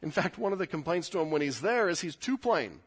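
A man, a pastor, preaching a verse-by-verse sermon, often climbing high and loud as he explains. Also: a little fast, breathy edge. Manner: animated, rises sharply in pitch and volume when explaining.

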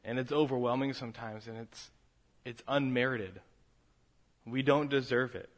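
A man preaching a sermon, moving from quiet reflection to a fervent, raised delivery. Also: mid-range voice, normal speed. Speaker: pastor.

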